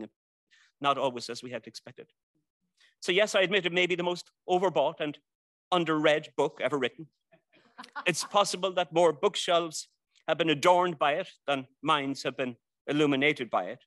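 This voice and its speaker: An Irish man, a university teacher, makes the case for a classic book to a library audience. He is wry and rhetorical, rolls out long lists and drops dry jokes. His voice sits a little high for a man, and the sound is dry with no room echo. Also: moderate pace, fairly bright tone. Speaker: debate speaker championing a classic novel. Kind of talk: prepared persuasive speech. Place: indoor library event before an audience.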